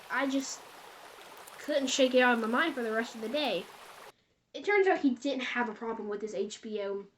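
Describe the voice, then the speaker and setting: A woman's voice: on the high side, a little hiss or hum. Rambling woman telling a scary story. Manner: rambling, self-correcting. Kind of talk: casual storytelling.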